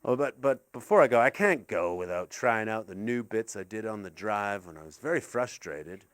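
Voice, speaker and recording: An older man performing a rambling, absurd stand-up comedy set at a live gig in a gallery, sweary and swinging from muttering asides to shouted rants. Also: lowish voice, lively intonation, moderate pace.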